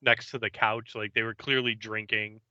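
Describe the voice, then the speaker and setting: Man co-hosting a podcast, very bright sharp voice, laughs a lot, dull dry lo-fi mic. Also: lowish voice, level tone, normal speed, dry recording. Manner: laughs often, brief interjections. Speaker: podcast co-host. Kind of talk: casual chat.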